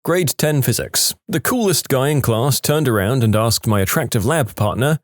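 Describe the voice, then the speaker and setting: A man reading stories aloud with a dry, deadpan delivery. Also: medium pitch, normal speed, no room sound. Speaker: story narrator.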